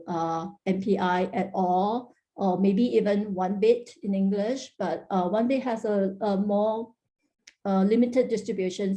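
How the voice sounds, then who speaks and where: A woman's voice: mid-range voice, mellow. A woman presenting linguistics research at an online workshop, explaining carefully with many hesitations and fillers. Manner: frequent "uh" fillers and restarts, careful explanatory delivery. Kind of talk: academic conference presentation.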